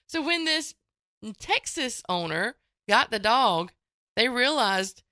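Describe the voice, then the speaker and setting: A woman's voice: fairly high pitch, very animated, slow pace, sharp tone, no echo. A woman hosting a morning radio show, chatting casually and playfully into a studio microphone. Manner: chatty, playful, folksy, with frequent laughs.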